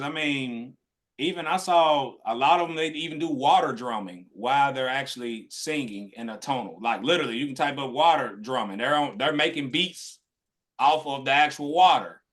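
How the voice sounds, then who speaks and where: Male podcast co-host, mid-pitched, loose rambling talker with lots of restarts. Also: animated, normal speed, fairly bright tone. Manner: rambling, with many restarts and trailing fillers. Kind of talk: casual chat on a live stream.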